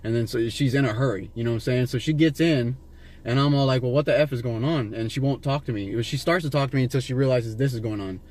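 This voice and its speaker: A man's voice: mid-range voice, fast, darkish tone. A man from Las Vegas tells a long, winding story from the driver's seat. He talks in a mid-range voice, swears freely and keeps circling back with "you know what I'm saying" and false starts. The sound comes from a handheld camera inside the car. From Las Vegas, USA. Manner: rambling and profane, with many fillers and restarts. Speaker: vlogger filming a street encounter. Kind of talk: casual rambling storytelling to a stranger.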